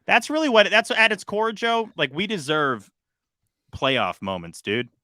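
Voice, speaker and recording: A young man co-hosting a casual sports podcast, excitable and swinging between loud bursts and quieter asides. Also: sits high, measured pace, no echo, studio quality. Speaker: podcast co-host.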